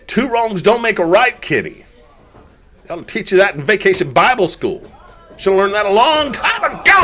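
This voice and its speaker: A man calling a wrestling match play-by-play, excitable and often shouting at the big moves. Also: extremely high pitch, slight background noise. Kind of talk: live sports commentary.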